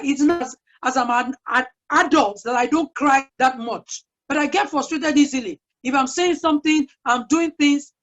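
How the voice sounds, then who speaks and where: A woman's voice: sits high, fairly bright tone. A woman guest speaker giving an earnest, chatty parenting talk full of personal stories. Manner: earnest, chatty, sharing anecdotes. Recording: dull lo-fi sound.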